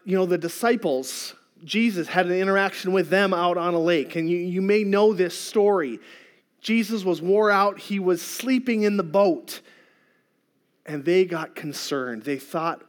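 A middle-aged man preaching a sermon as a pastor, telling a personal story in an earnest, conversational way. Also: sits high.

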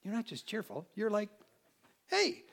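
Speaking at normal speed in a high voice, a man from the United States preaches for Christmas. He's animated, alternating between booming exclamations and hushed asides.

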